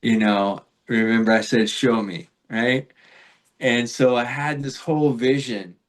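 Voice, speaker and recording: A man in a podcast interview recounts his experiences in a loose, rambling way, full of fillers and little laughs. His voice sits at an ordinary middle pitch for a man, and his delivery is reflective and unhurried. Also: steady tone. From Florida. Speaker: podcast guest. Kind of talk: casual storytelling in a spiritual interview.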